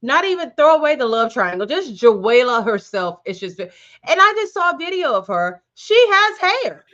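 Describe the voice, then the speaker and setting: A woman's voice: a little high, very animated, normal speed, a bit bright, highs cut off. A woman guest in a casual chat, giving teasing, opinionated takes on a reality TV episode. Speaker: guest co-host.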